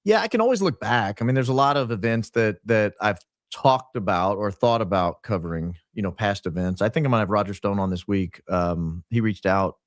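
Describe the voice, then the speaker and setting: Fortyish guy on a podcast, lowish voice, dry close mic, gets animated telling stories, restarts a lot. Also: fairly quick, hardly any pauses, no echo. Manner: animated storyteller, frequent restarts. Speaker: podcast host, guest. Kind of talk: casual interview talk.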